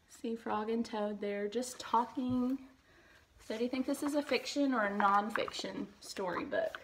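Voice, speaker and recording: A young woman teacher reading a storybook aloud to her class, speaking gently and clearly and asking the children questions. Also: on the high side, a little hiss or hum, low-quality recording.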